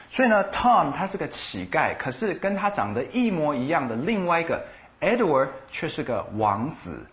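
A man co-hosting a radio English lesson, explaining words and quizzing his partner with animated emphasis. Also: a little high, moderate pace, dull audio, a little hiss or hum. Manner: animated explaining, switching between Chinese and English. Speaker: bilingual co-host explaining in Chinese.

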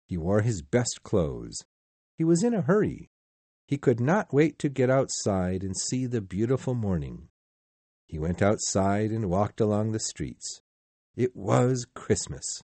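A man's voice: fairly low pitch, sing-song, measured pace, mellow, no echo. A man narrating a storybook aloud, speaking expressively and addressing the reader directly.

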